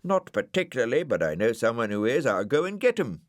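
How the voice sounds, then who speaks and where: An eager, chattering storybook snail in a voice pitched well up and a little loud, as a man puts him on. He rattles on keenly, and the sound is dry and close. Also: big pitch swings, fairly quick, no echo, close to an everyday voice.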